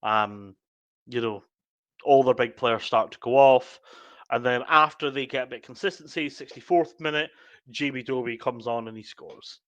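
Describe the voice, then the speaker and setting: A man's voice: mid-range voice, moderate pace, a bit bright, dry recording. A man, co-hosting a casual podcast and walking through match moments step by step. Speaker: podcast co-host. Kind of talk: casual sports chat.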